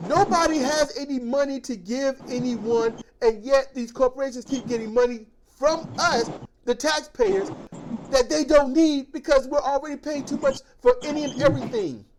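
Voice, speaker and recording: Woman ranting in a casual political chat, higher voice, noisy recording. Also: normal speed. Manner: animated ranting, mimicking others in quotes.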